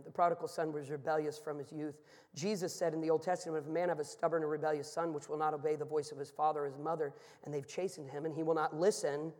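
A man preaching a sermon, telling stories in a manner that swings from hushed tones to shouts. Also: on the high side. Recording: long hall reverb.

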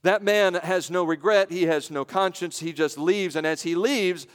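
A pastor from the United States delivering a sermon, moving between raised emphasis and hushed, low-spoken passages with rhetorical questions. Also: male voice, normal speed. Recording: long reverb of a large hall.

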